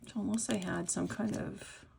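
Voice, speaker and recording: A woman's voice: medium pitch, steady tone, moderate pace, vocal fry, slight background noise. A middle-aged woman with the hiccups, casually narrating her papercraft work, thinking aloud and often dropping to a whisper. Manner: chatty, thinking aloud while working; drops to soft whispers as she works. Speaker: papercraft video maker.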